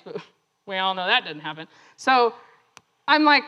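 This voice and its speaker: On a muffled recording, a woman with a fairly high voice shares a testimony at normal speed, laughing often and acting out other people's lines as her personal story becomes a lesson.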